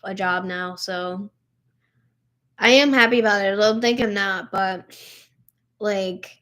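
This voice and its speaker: A woman's voice: medium pitch, slow pace, a bit bright. Tired, emotional young woman streaming. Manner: emotional, tired, heavy use of "like" and "literally". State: tired and upset. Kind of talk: casual live stream chat.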